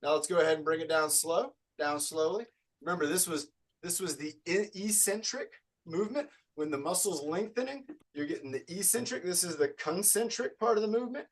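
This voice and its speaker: A man's voice: sits high, brisk. A male fitness coach leading a live online group workout, upbeat and encouraging as he counts reps aloud.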